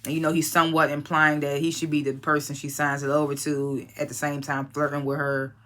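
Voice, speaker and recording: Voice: medium pitch, level tone, a little fast, fairly bright tone. A casual TV episode reviewer recapping scenes bluntly and profanely, quoting the characters loosely and offering strong opinions.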